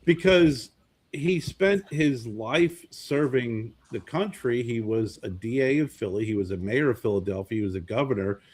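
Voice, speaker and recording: In casual podcast chat, a male co-host spins animated stories and acts out the people he quotes. His voice is mid-range and slightly rough, and he speaks at a moderate pace.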